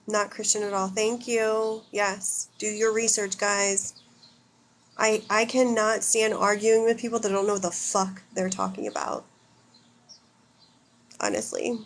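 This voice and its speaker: Blunt woman, thirties, live chat host, answers comments directly, mid pitch, faint hiss behind her. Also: animated, measured pace, long pauses. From United States. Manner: blunt, opinionated, swears freely. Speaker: livestream host.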